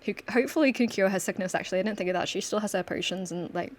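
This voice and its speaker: A woman's voice: medium pitch, very fast, a little hiss or hum. A woman hosting a gaming channel, chatting casually and storytelling through her gameplay. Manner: chatty, storytelling, laughs often.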